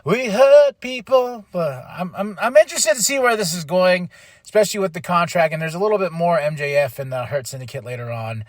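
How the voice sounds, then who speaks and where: A man hosting a podcast, recapping wrestling in casual talk and acting out quoted lines in quick mock voices. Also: a little high, expressive, dry recording, clean studio sound. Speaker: podcast host.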